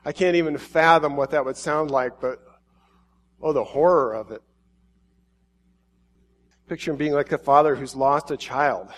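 A man preaching an emotional sermon, swinging between hushed pauses and urgent, quickening passages. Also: on the high side.

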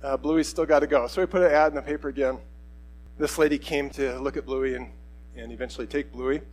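A middle-aged man preaching a sermon, telling a personal story in a conversational, animated way. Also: mid-range voice, a little fast, low-quality recording. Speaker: pastor.

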